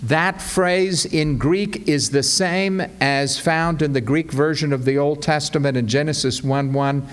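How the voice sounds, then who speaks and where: A man preaching a sermon as pastor, explaining scripture with emphatic, deliberate delivery. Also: on the high side, fairly even intonation, clear, resonant tone.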